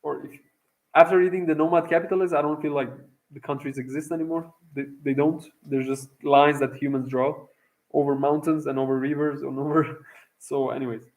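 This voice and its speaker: A young man from Iran, with a voice a little higher than most men's, spins a long personal story straight to the camera. He talks in a loose, excitable, rambling way, full of swearing and "um"s. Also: a little fast, poor audio. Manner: profane, excitable, rambling with fillers. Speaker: vlogger. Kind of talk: casual storytelling monologue.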